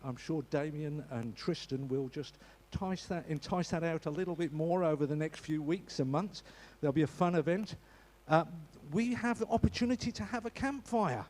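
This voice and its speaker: A man's voice: a little high, moderate pace, few pauses, darkish tone. A man giving an informal church notice in a chatty, joking way, often restarting his sentences. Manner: chatty, jokey, with frequent restarts and stumbles.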